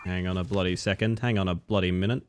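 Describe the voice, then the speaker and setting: A man's voice: low voice, fairly even intonation, fast, a little mellow, soft background music. A man streaming a video game live, chatting casually with his viewers, laughing often and swearing freely. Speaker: livestreamer. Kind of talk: casual live gaming commentary.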